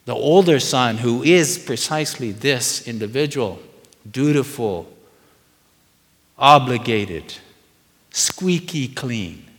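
A man's voice: mid-range voice, expressive, slow, pauses often, fairly bright tone, long reverb tail. A middle-aged man preaching a sermon, earnest and conversational, asking the congregation questions as he goes. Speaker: pastor.

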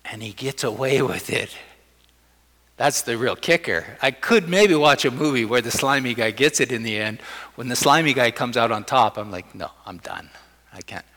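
A man's voice: mid-range voice, moderate pace, a bit bright. Man, pastor's sermon, chatty, acts out quoted voices, long hall echo. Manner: conversational, acts out little scenes in quoted voices. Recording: long church hall reverb.

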